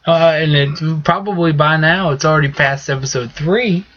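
A man's voice: on the high side, moderate pace, fairly bright tone. A man co-hosting a comedy podcast, running an improv game in a loose, giggly way. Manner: giggly, loose, breaking into laughter. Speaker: podcast co-host. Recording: dull lo-fi sound with faint hiss.

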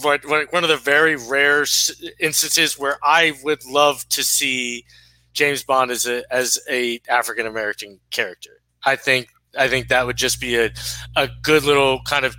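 A man's voice: medium pitch, sharp tone, no echo, low-quality recording. A man in his thirties, co-hosting a casual sports podcast, who rambles with lots of fillers and restarts. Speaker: podcast co-host.

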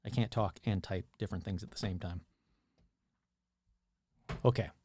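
A man's voice: sits low, normal speed, a little mellow, husky, no echo. A man hosting a paranormal show, reading AI-written scripts aloud and commenting wryly as he goes. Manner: wry, self-interrupting, amused.

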